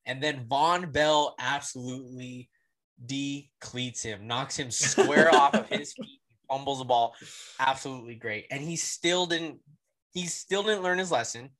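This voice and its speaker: A young man co-hosting a casual sports podcast, blunt and animated, swearing casually and laughing through his stories. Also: mid-range voice, a little slow. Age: young adult. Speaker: podcast co-host.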